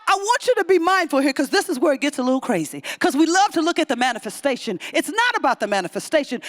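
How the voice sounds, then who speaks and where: Animated woman preaching a Sunday talk. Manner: animated storytelling, acting out voices with big pitch swings. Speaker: guest speaker. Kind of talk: Sunday sermon with storytelling.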